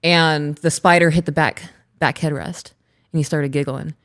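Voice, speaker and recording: Animated woman telling a story. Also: low-pitched, normal speed. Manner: animated, laughs while telling stories. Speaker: podcast co-host. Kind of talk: casual storytelling chat.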